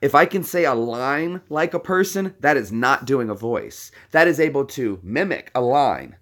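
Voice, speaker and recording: A male streamer talks casually and rambles through a live session. His pitch leaps around constantly, and he keeps dropping bits of character voices into his sentences. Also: animated, moderate pace, fairly bright tone. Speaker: streamer doing voice impressions.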